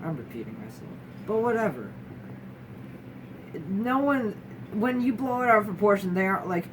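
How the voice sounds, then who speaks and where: A young woman guest shares her experience in a mid-range, sing-song voice, speaking at a moderate pace with frequent pauses. Casual, candid, and wry, she often restarts and mimics people mid-sentence in this talking-head chat. The low-quality recording comes from a distant, slightly off-axis mic with clear room noise.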